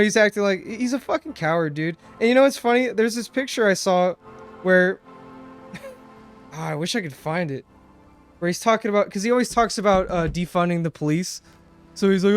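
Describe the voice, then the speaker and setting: A man's voice: high-pitched, moderate pace, smooth. A man streaming a game, chatting casually, swearing a lot and ranting animatedly with laughs. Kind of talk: casual live-stream commentary. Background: game music.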